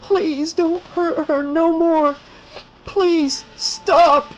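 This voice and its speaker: A man voicing a frightened, desperate teenage girl who pleads in a high, urgent voice. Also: steady tone, drawn-out words, slight background noise, exaggerated voice. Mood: terrified pleading.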